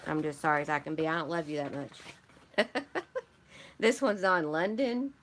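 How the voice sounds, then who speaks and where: A woman with a Michigan accent chats through a casual live stream, wandering from one thought to the next. Her voice sits a little low. She greets viewers and answers their comments as she goes. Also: moderate pace, fairly bright tone. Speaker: craft channel host.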